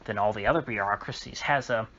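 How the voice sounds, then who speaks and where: A man hosting a solo political commentary monologue, talking in a halting way with frequent restarts and an indignant tone. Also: lowish voice, bright, forceful tone. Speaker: channel host. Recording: slightly dull recording with faint noise.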